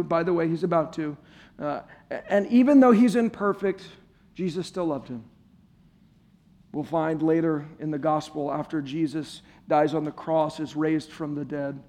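High-voiced pastor preaching casually. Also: male voice, a little mellow. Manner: conversational and playful, jokes with the congregation. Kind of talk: sermon. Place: church service before a congregation.

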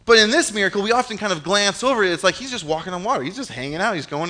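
Lively joking young man preaching. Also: high-pitched, racing. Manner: animated and joking, acts out scenes. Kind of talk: casual youth-style sermon with Bible reading.

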